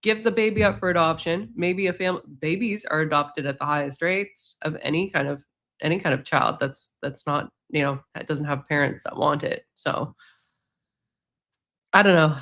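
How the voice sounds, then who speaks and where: A man's voice: a little high, normal speed, sharp tone. A man hosting a casual podcast, talking bluntly and with sarcasm. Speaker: podcast host.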